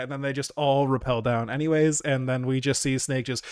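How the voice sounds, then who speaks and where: A man narrating as game master of a tabletop role-playing game, relaxed, with many fillers and frequent laughs. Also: medium pitch, fairly quick, hardly any pauses, clear, resonant tone, dry recording, studio quality.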